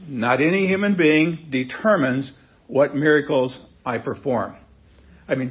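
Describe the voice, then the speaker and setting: A man's voice: medium pitch, muffled recording. A man preaching a sermon in a conversational way, reading scripture aloud and stopping to explain it with casual asides. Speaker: pastor.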